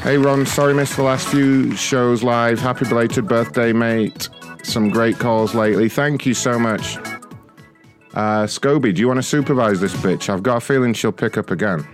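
A crude, mocking man hosts a prank call livestream and laughs at his own calls. His voice sits at an ordinary pitch. Music plays clearly behind him. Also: normal speed. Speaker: prank call show host.

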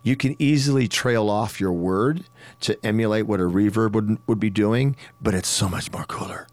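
A rock singer talking shop in a low, deep voice. He rambles with many restarts and breaks off to demonstrate vocal tricks. The sound is dry and close. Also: normal speed, no room sound. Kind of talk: casual podcast chat.

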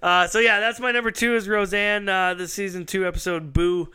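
Male podcast host, rambling storyteller, bright and crisp tone, slightly high voice. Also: fairly even intonation, fairly quick. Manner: rambling storyteller who acts out quoted lines, laughs often. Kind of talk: casual chat.

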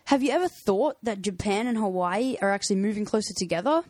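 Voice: medium pitch, animated, quick pace, darkish tone, no room sound. A podcast co-host casually reading out fun facts in a playful, upbeat way.

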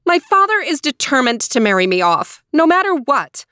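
A woman voicing a spirited, defiant young princess in a high, emphatic storybook voice. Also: very animated, normal speed, pushed and bright, no echo, studio quality, full character voice. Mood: weary.

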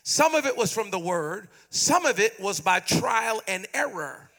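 A man preaches from a church pulpit in a very high, sharp and bright voice. He works the congregation in call and response, climbs to shouts and half-sung lines, then sinks into hushed, pleading prayers. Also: expressive, a little slow. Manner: acts out prayers in a softer, pleading voice. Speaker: pastor. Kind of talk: sermon. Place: church sanctuary.

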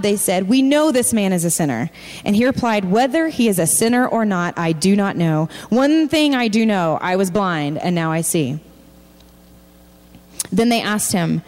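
Speaking at a moderate pace with lively intonation and a darkish tone, a woman delivers a sermon in a large church hall. She reads scripture aloud, and when people in the text speak, she acts them out with a higher pitch.

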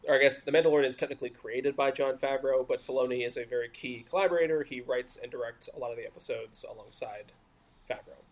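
Chatty man explaining to his co-host. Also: mid-range voice. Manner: explanatory, talkative, laughs often. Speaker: podcast co-host. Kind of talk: casual podcast discussion.

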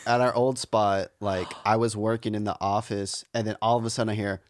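A man chatting casually, easygoing and a bit halting. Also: lowish voice, flat delivery, no room sound, clean studio sound. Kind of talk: casual chat.

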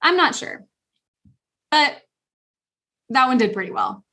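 A woman's voice: high voice, huge pitch swings, slow, pushed and bright. A woman co-hosting a podcast in casual chat, playful and joking as she reads posts aloud in mock voices. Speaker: podcast co-host.

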